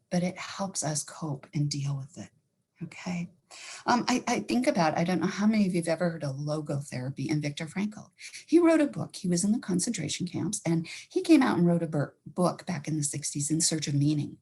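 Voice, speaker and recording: A woman counselor gives an educational talk at a quick clip, often acting out the thoughts running through her head. Her voice is very husky and breathy with a gravelly edge. Her pitch swings widely from line to line. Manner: fast-talking, animated, acts out inner thoughts.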